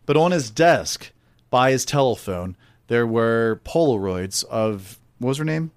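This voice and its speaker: A man's voice: mid-range voice, measured pace. A man co-hosting a podcast in casual chat, telling a story bluntly with plenty of swearing. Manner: animated storyteller, blunt and profane. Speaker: podcast co-host.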